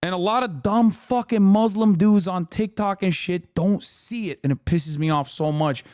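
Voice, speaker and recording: A man's voice: sits high, moderate pace, a little mellow, dry recording, studio quality. A man streaming a reaction, ranting angrily and profanely with mocking impressions. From Turkey. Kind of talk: profane heated commentary.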